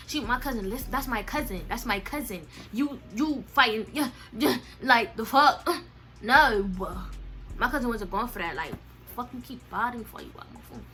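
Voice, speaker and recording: A young woman tells a casual storytime with a bright, sharp voice that sits a little high. She talks in heavy slang and jumps into the other people's lines, getting louder and higher when she acts them out. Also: moderate pace, faint music behind. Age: young adult. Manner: animated, slangy, acts out quotes with swings in pitch and loudness. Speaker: storyteller vlogger.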